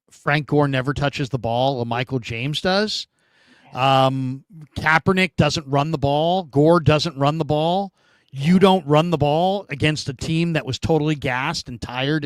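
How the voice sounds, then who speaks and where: A man hosting a casual sports talk show, telling stories in an animated, emphatic way. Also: a little high, measured pace, clear, resonant tone, dry recording, clean studio sound.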